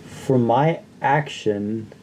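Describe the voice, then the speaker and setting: Slow, hesitant woman playing a bard. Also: a bass voice, warm tone, slight background noise, rough recording. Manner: hesitant, full of ums. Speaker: player. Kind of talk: playing a tabletop game.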